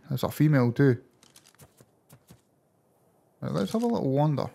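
A Scottish man commentating his own gameplay in a gravelly, creaky voice. He talks to his viewers casually and keeps bursting into excited, surprised outcries. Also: mid-range voice, normal speed. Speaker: gaming channel host. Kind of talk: let's play gameplay commentary.

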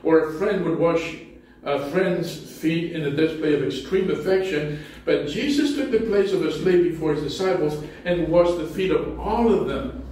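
A male pastor preaches in a church sanctuary, speaking conversationally at normal speed and sharing stories with self-deprecating humor. His voice is fairly high with a darkish tone; the distant mic catches heavy hall echo and slight background noise.

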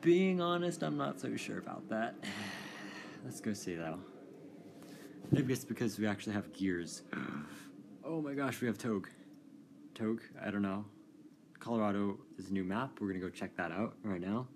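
A man giving casual, amused commentary while playing a racing game, chatty and quick to laugh. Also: on the low side, lively intonation, gravelly, noisy background. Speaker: gaming video creator.

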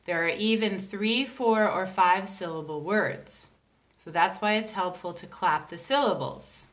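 Slow, patient woman teaching a lesson. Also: medium pitch, a bit bright, a little hiss or hum. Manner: slow, patient, spells out syllables. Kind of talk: recorded classroom lesson.

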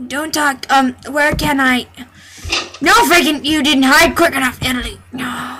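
A woman's voice: sits high, steady tone, measured pace, pushed and bright. A woman playing through a game and reading its dialogue aloud with melodramatic voices, laughing between lines. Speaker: let's play gamer voicing game dialogue. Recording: game music playing behind.

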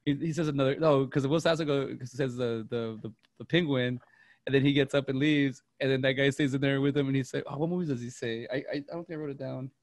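A man talks through a movie on a podcast at a quick clip, his sentences tumbling over one another as he restarts and corrects himself. The sound is close and dry, with no room around it. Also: mid-range voice, dry recording. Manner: rambling and excitable, piling up restarts. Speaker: podcast co-host. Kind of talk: casual movie chat.

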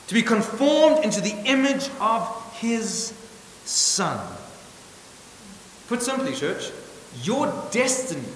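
Lively, high-voiced preacher in an echoey church. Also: male voice. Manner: emphatic, wry asides, swings from loud to hushed. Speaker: pastor. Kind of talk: sermon. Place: church hall. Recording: echoey church hall with hiss.

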